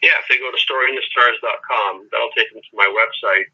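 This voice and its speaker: A man's voice: mid-range voice, steady tone, brisk, sharp tone, slightly rough, highs cut off. A man appearing as an author guest in a radio interview, answering in a friendly, informative way with some fillers.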